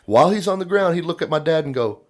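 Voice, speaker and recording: A man's voice: a little high, fast. A man on a podcast telling stories in casual chat, acting out the voices of the people in them and laughing often. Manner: animated storyteller, acts out quoted voices, laughs often. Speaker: podcast host.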